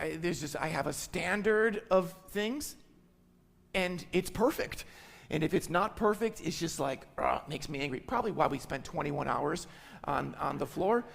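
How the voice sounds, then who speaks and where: A man's voice: high voice, creaky. Middle-aged male pastor, emphatic sermon delivery, long reverberant hall. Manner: emphatic, repeats phrases for stress.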